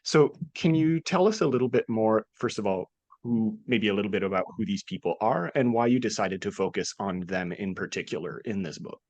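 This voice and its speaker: A man hosting a history podcast, asking an author about his book in a measured, curious way. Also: lowish voice, expressive, a little mellow, dry recording. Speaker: podcast host. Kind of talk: interview questions.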